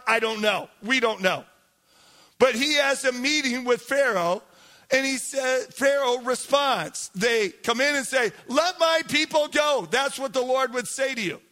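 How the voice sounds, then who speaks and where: A male pastor preaching an animated sermon, asking the congregation to repeat words back. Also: extremely high pitch. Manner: animated, calls for congregation responses.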